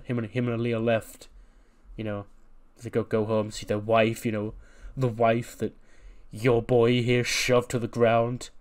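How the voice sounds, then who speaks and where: A man's voice: medium pitch, a little mellow, close to an everyday voice. A man voicing a tired male wrestling boss who answers curtly and dismissively.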